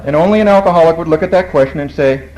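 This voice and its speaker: A man's voice: on the high side, rapid-fire, darkish tone, slight background noise, rough recording. A man speaking at a recovery meeting, telling his story in a storytelling way, quoting other people and laughing at his own lines.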